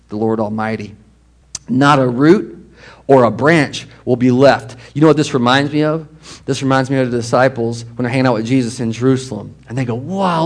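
A man preaching a sermon. His tone is conversational and animated, with asides, questions to the congregation and short laughs. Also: mid-range voice. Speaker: pastor.

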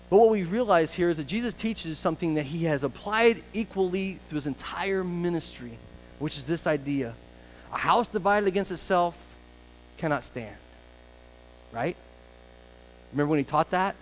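A male pastor preaching a conversational sermon, full of casual asides and rhetorical questions, sometimes brisk and sometimes drawn out. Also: on the high side, a little hiss or hum, rough recording.

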